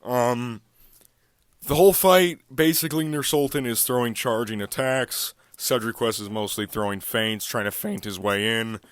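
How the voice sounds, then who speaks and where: Guy ranting about fights, swears a lot, mid-pitched voice, dry close sound. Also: normal speed, smooth, dry recording. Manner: profane, heated and ranting. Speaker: MMA recap channel host. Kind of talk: casual fight recap monologue.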